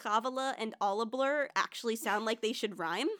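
An enthusiastic woman podcast host with a fairly high voice talks in a casual, chatty way. She comes across lively and eager, like someone hosting a relaxed chat. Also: normal speed. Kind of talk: casual chat about musicals.

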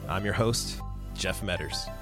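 Over music, a man speaks unhurriedly in a deep voice. This American podcast host runs a friendly, easygoing interview, using fillers and restarting his sentences.

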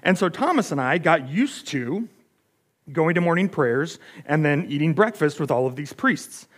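American man, pastor, casual sermon, storytelling, fillers, fairly high voice. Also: big pitch swings, normal speed. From United States. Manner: chatty, self-deprecating storyteller with frequent fillers.

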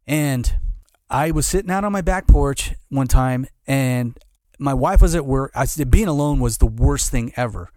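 A man's voice: medium pitch, a little mellow, no echo, studio quality. A middle-aged man telling a hard personal story as an interview guest, candid and emotional, stumbling and repeating his words. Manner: halting, restarts, repeats words; candid and emotional, says dude. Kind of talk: casual conversation, personal story.

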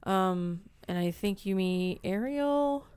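A woman's voice: mid-range voice, expressive, slow pace, a little mellow, clear, resonant tone, dry recording. A woman co-hosting a casual chat about theme park tips, chatty and hesitant with ums. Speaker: co-host.

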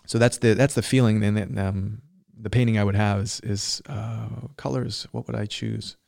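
A man speaks in a somewhat low voice, slowly recounting a personal experience in relaxed conversation. He pauses and restarts as he searches for words. The sound is dry and close, with little room behind it. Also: gravelly, no echo. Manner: reflective, searching for words, frequent fillers. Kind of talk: casual storytelling conversation.

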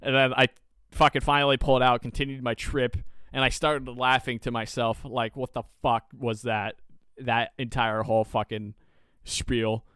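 Young guy podcast host, smooth clear voice, dry close mic, swears a lot and rambles through stories. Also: mid-range voice, normal speed, no echo. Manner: profane, rambling, animated storyteller. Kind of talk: casual chat, storytelling.

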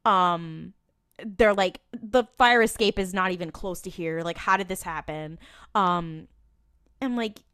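A woman's voice: lowish voice, measured pace, smooth, no echo, clean studio sound. A woman co-hosting a podcast, recapping a TV episode in casual chat, quoting lines and laughing often. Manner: animated, laughing, quoting characters in lively bursts. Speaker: podcast co-host.

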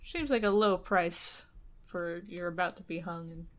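A woman reading a fairy tale aloud, breaking off for casual chat with wry, deadpan asides and frequent laughs. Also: lowish voice, measured pace.

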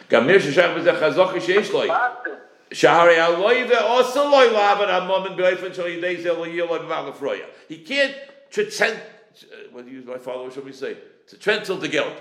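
A man's voice: on the high side, fairly bright tone. A man in his forties teaching a Talmud class, acting out creditor and debtor exchanges. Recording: echoey room.

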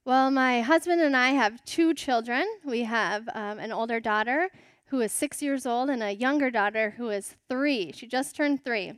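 High-voiced woman preaching a sermon. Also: moderate pace, clear, resonant tone, no room sound, clean studio sound. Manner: warm storytelling, conversational with rhetorical asides.

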